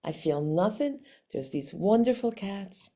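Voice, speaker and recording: A woman tells a personal story in a chatty, animated way, often breaking off and restarting. Her voice is mellow and soft-edged, pitched in a middle range. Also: a little slow. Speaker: vlog host.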